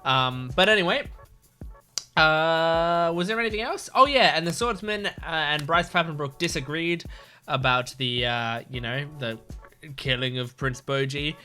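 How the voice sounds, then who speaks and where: A man's voice: on the high side, measured pace, sharp tone, faint music behind. A man hosting an anime reaction video, chatting casually, rambling and correcting himself, hiccuping as he talks. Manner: rambling, self-correcting, laughs often.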